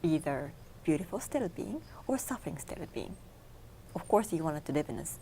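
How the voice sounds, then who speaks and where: A woman with a fairly low voice whose first language is Japanese, a guest on a television interview. She explains meditation practice step by step in simple, non-native English, with a faint hiss behind her. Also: very animated, fairly quick, warm tone. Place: local TV studio.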